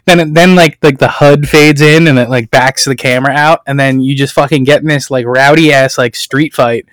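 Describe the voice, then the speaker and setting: A man's voice: medium pitch, fairly even intonation, moderate pace, a bit bright, no echo. A man chatting casually, telling stories in a loose, profane, filler-heavy way. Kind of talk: casual chat.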